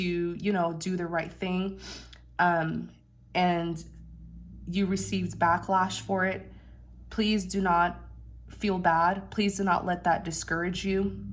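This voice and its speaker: A woman with a nasal, congested voice giving a channeled tarot reading, gentle and reassuring with many fillers and restarts. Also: fairly low pitch. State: unwell, congested. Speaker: tarot reader.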